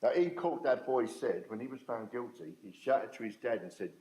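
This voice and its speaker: A man's voice: medium pitch, animated, normal speed, warm tone, low-quality recording. An older man, telling his story to an audience in a blunt, plain-spoken, emphatic way. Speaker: speaker at a talk on restorative justice.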